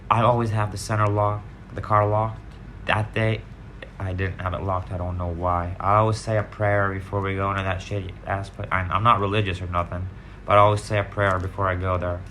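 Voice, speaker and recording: A man's voice: lowish voice, fairly bright tone, a little hiss or hum. A man casually telling blunt, profane stories from his past, rambling with side remarks. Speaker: vlogger sharing recovery stories. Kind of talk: casual storytelling monologue.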